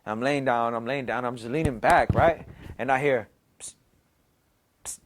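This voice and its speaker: A young man casually telling a story in slangy, profane, animated talk with a lot of repetition. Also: mid-range voice, a little fast, noisy background. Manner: slangy, profane, animated retelling with many repeats.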